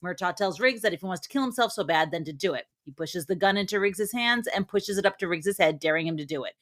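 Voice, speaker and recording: A woman co-hosting a movie podcast, recapping the plot in a steady, plain way. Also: lowish voice, quick pace. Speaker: podcast co-host. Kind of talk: reading a plot summary.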